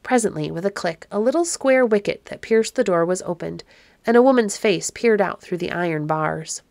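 A woman reading a classic storybook aloud as narrator, measured and expressive. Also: medium pitch, creaky, no room sound.

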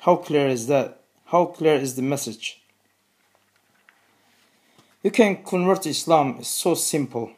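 Man, Turkish accent, native Turkish speaker, earnest, repeats himself, unhurried. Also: fairly high pitch, animated, a little mellow. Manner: earnest, repetitive, slow and deliberate. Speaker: video host. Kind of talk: religious appeal to camera.

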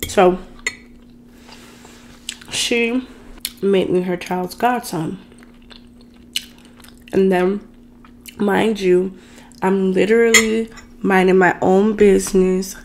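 A woman's voice: mid-range voice, steady tone, drawn-out words, long pauses, a little mellow, slight background noise. A woman vlogger telling a dramatic personal story in a chatty, ranting way, talking straight to her viewers. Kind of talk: casual storytime rant.

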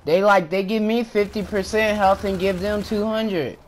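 A gaming YouTuber giving live gameplay commentary at home, frustrated and swearing, with loud shouted outbursts. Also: medium pitch, fairly even intonation, normal speed, a little hiss or hum.

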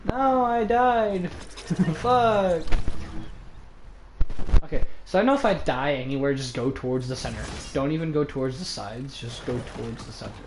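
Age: unknown. Role: excitable, foul-mouthed gaming streamer. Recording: echoey room, noisy. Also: medium pitch, fast, few pauses. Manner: excitable, swears often, trash-talks the game. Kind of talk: casual gameplay commentary. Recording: echoey room with clear background noise.

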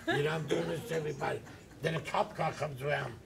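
Gravelly older male talk show host. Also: a little high, quick pace, very noisy. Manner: rambling storyteller, animated. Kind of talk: anecdotal chat.

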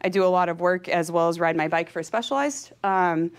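Energetic, chatty woman giving a talk. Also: on the low side, a little fast, clean tone. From California. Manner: energetic, chatty, laughs often; emotional and openly heartfelt. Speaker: professional cyclist giving a talk. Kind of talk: motivational talk to an audience.

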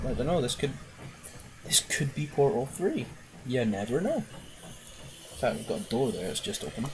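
Music runs in the background as a man hosting a gaming video chats casually through a puzzle game. He speaks at a medium pitch and normal speed, with long pauses, and gets excitable, swearing and exclaiming at the game.

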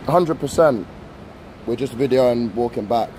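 A man's voice: mid-range voice, a little slow, dark tone, slight background noise. A man, chatting and laughing with a friend while walking through a shopping mall, filmed on a phone. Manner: laughing, slangy banter. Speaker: vlogger. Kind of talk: casual chat.

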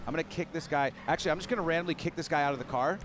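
A hoarse young man hosting a gaming channel, giving hyped, giggly commentary while he plays and shouting when things get exciting. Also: on the high side, racing, noisy background.

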